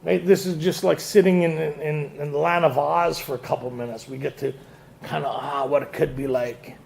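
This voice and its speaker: A man's voice: fairly high pitch, fairly even intonation, moderate pace, creaky, a little mellow. A man speaking to a recovery group, telling his story with laughs and acted-out quotes.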